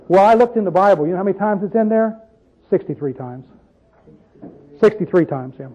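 A man's voice: high-pitched, lively intonation, normal speed, pauses often, mellow, slightly rough, poor audio. A man preaching an informal Bible teaching, conversational, often asking his listeners questions and telling folksy stories. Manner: conversational, asks the audience questions, tells folksy asides.

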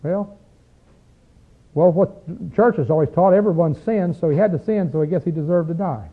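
Male preacher, high-pitched and folksy, asks the room rhetorical questions. Thin phone-like recording. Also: husky. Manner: rises into loud, drawn-out chanting when acting out crowds in the text. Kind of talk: conversational sermon with scripture reading.

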